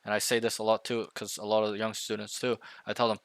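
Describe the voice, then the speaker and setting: Bright-voiced, emphatic male coach. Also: on the low side, completely flat delivery, quick pace, few pauses, no echo. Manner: emphatic, often checks in with 'right?', acts out loud team callouts. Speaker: game coach. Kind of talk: one-on-one coaching over voice chat.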